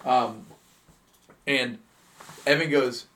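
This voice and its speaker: A man's voice: mid-range voice, brisk, fairly bright tone. A young man co-hosting a podcast, telling rambling, profane stories in casual chat and repeating lines for effect. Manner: rambling, swearing storyteller who repeats himself. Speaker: podcast co-host.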